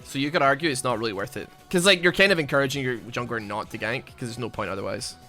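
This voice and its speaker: Bright-voiced man rambling over gameplay. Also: mid-range voice, fast, soft background music. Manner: rambling and self-mocking, with sudden loud outbursts at the game. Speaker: gaming YouTuber. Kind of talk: casual gameplay commentary.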